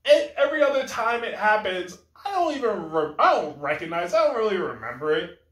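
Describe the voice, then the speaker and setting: Casting: high-pitched man, casual and rambling gaming commentary, lots of self-corrections, echoey room sound. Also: a little fast. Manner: animated, rambling, self-correcting, acts out lines of dialogue. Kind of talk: casual video game critique.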